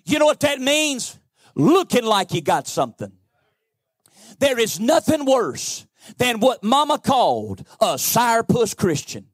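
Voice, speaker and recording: A man preaching a sermon, with a sing-song cadence, folksy storytelling and bursts of shouting. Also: very high-pitched, no echo. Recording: dry close sound with faint music behind.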